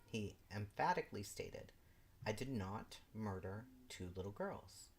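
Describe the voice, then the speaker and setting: Reading a legal brief aloud at a measured pace, a very deep-voiced woman hosts a live stream with lively intonation. She breaks off into exasperated, incredulous remarks, and slight background noise is audible.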